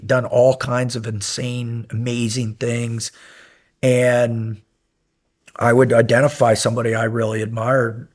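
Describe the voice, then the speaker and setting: Rambling, profane middle-aged man telling war stories. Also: medium pitch. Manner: rambling anecdotes with many fillers, profane and animated when recounting yelling. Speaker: podcast guest, former SEAL instructor. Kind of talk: casual storytelling interview.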